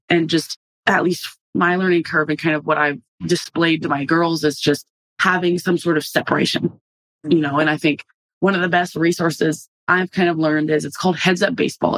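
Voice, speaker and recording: A woman in her twenties, a college softball player, talking casually and animatedly as an interview guest, with lots of "like"s. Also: low-pitched, dry recording. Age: 20s. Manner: animated and chatty, many "like"s.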